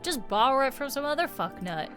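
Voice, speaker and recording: A woman's voice: sits high, sing-song, a little fast, fairly bright tone, voice pushed up. A woman voicing a crude, boastful male gambler who swaggers and calls everyone bro. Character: brash loudmouth male gambler, boastful swindler. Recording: game music behind.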